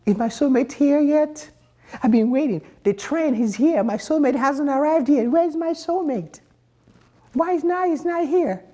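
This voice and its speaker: A frantic, lonely man, as a vlogger puts him on, pleads in a strained, squeaky voice pitched well above the speaker's own. His tone is whiny and desperate, with a soft, mellow timbre. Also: normal speed. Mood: anxious whining.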